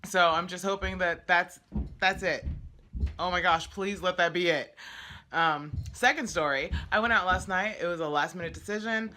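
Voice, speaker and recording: A woman's voice: on the low side, moderate pace. A woman vlogger telling stories about her week, chatty and exasperated, her voice a little worn from singing karaoke the night before. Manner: chatty, animated, exasperated retelling. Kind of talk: casual storytelling vlog.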